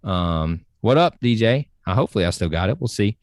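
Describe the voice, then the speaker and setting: A man with a somewhat low voice talks on a podcast in an eager, spilling-over rush, with plenty of "um"s and "right?"s. The sound is dry and close, with no room around him. He keeps the energy high throughout. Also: no echo. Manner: excited, fast-running enthusiasm with many fillers. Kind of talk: casual podcast chat.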